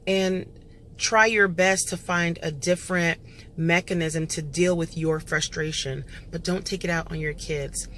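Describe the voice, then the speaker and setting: A woman's voice: fairly low pitch, a bit bright, slight background noise. A woman in her thirties giving an earnest, encouraging casual talk to fellow homeschooling parents, with frequent um fillers.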